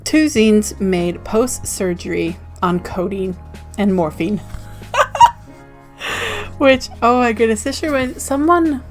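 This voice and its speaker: An American woman rambling cheerfully through a casual vlog chat, breaking into giggles between thoughts. Her voice sits at a middling pitch, with faint music playing quietly underneath. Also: lively intonation, slow, pauses often. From United States. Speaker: zine vlogger.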